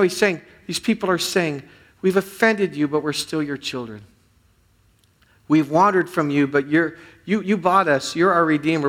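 Male pastor, earnest sermon delivery, slightly high voice, loud pleas dropping to hushed prayer.

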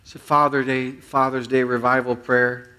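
A male pastor preaching a sermon in an earnest voice, swinging between loud pleading and hushed prayer. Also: mid-range voice, flat delivery, normal speed, clean tone.

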